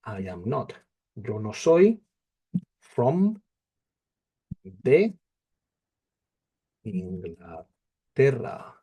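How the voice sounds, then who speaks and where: Man, language teacher, very slow pace, dark mellow tone, repeats each phrase patiently. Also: mid-range voice, big pitch swings, slightly rough. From not from England. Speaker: Spanish teacher. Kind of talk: slow spoken language lesson.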